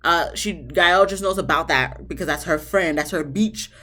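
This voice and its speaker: A woman's voice: deep voice, normal speed, a bit bright. A woman giving a casual, slangy recap of a reality show episode, talking straight to her viewers. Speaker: TV show reviewer.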